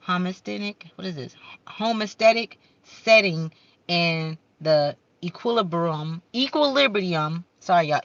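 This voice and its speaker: A woman's voice: fairly low pitch, fairly bright tone, no echo, lo-fi sound. A woman doing a casual spiritual card-reading vlog, talking fervently in slang, swearing at times and stumbling as she reads the card text aloud. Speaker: card reader.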